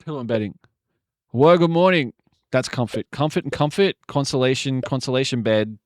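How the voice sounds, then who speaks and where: A man streaming a word game live, muttering guesses to himself with sudden excited outbursts. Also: mid-range voice, brisk, no echo, clean studio sound.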